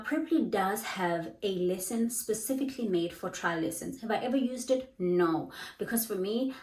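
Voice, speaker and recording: A woman's voice: medium pitch, roomy sound, low-quality recording. Bubbly woman tutor. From South Africa. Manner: bubbly, lively, acts out dialogues. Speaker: online English tutor. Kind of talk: casual teaching advice vlog.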